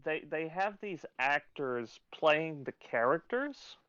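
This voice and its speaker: A man co-hosting a film podcast, explaining plots in an unhurried way, thinking aloud with lots of fillers. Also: a little high, lively intonation, sharp tone, smooth, no room sound, dull audio. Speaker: podcast co-host. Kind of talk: casual film review chat.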